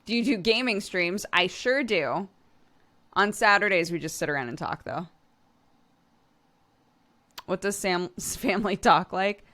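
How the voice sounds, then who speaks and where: A woman's voice: mid-range voice, unhurried, pauses often, fairly bright tone. A young adult woman streamer chatting casually with her viewers, full of fillers and frequent laughter. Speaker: streamer reading chat. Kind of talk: casual chat.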